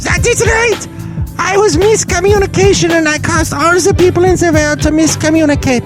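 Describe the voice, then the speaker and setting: A man's voice: moderate pace, over music. A man voicing Madame Rutabaga, a silly character with a strange put-on accent, in a comedy podcast skit. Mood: theatrical. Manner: high, loud, put-on odd accent. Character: Madame Rutabaga, odd-accented character who used to be Miscommunication.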